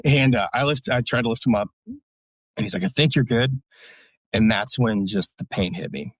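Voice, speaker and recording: Army vet guy with a lowish voice, swearing and rambling through a story, dry close mic. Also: animated, moderate pace, dry recording. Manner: blunt, profane, rambling with many fillers. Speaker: guest, military veteran. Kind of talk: casual storytelling.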